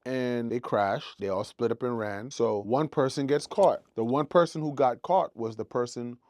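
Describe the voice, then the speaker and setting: A man's voice: medium pitch, normal speed, dry recording. A man recounts a personal story in a loose, casual storytime manner. He acts out the moments as he goes, his voice in a middle register. The sound is dry and close, with no room around it. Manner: animated storytelling, acts out his own panicked shouts.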